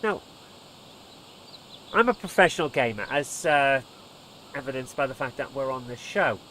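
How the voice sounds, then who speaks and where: A man's voice: mid-range voice, lively intonation, normal speed, bright, forceful tone, a little hiss or hum. A man commentating casually on his gameplay as a let's play host, exasperated and muttering under his breath.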